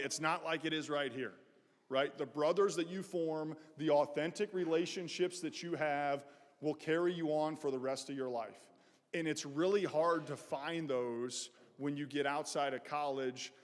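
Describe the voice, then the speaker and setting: A man who is a former pro football player, giving a casual, direct motivational talk to students and joking with them. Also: on the high side. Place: large college chapel. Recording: echoey chapel hall reverb.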